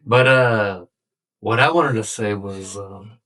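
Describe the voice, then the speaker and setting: A man's voice: lowish voice, slow pace, sharp tone. A man co-hosting a podcast in casual chat, hesitant and repeating himself, with short agreeing replies. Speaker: podcast co-host. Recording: voice a bit off-mic.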